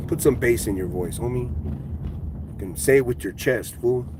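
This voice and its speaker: A man's voice: mid-range voice, moderate pace. Trash-talking man ranting on a car livestream. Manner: profane, mocking trash talk. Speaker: livestream host. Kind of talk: casual livestream rant. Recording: street and car noise behind.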